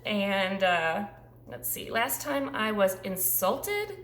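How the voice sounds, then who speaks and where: A woman's voice: medium pitch, lively intonation, slow pace, fairly bright tone, reverberant, slight background noise. A woman in her forties chatting casually through a tag video, rambling with frequent ums. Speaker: YouTuber.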